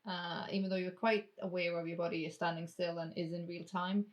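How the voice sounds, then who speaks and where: A woman running a tabletop game as game master, narrating in a casual, drawn-out way with some swearing. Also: lowish voice, flat delivery, muffled recording.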